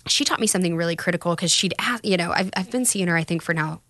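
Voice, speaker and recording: A woman's voice: fairly low pitch, fast talker, fairly bright tone, dry recording. A woman talking candidly about recovery in a casual podcast chat, telling stories with quoted voices.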